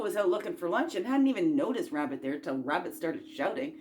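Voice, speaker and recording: A woman's voice: mid-range voice, expressive, a little fast, few pauses. Rambling, playful woman coaching self-growth. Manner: rambling, playful, folksy and encouraging, with asides and rhetorical questions; swings between loud bursts and quiet murmurs. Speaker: spiritual self-growth host. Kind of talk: casual motivational chat.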